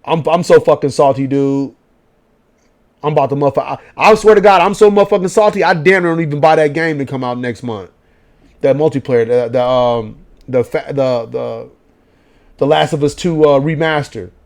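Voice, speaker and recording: A man's voice: fairly high pitch, moderate pace. A man, giving a profane late-night rant as a gaming vlogger. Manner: profane, animated ranting in slang.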